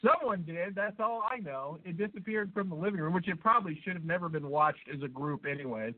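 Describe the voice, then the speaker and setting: A man's voice: high-pitched, a little fast. A man co-hosting a podcast, rambling through crude banter and laughing at his own jokes, sounding stuffed up from a cold. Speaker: podcast co-host. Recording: tinny phone-like sound.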